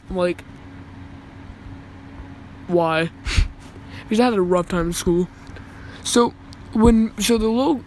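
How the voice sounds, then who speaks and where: A man's voice: sits high, a little mellow, a little hiss or hum. A young man telling a casual story, rambling and swearing, with many restarts. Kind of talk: casual story time vlog.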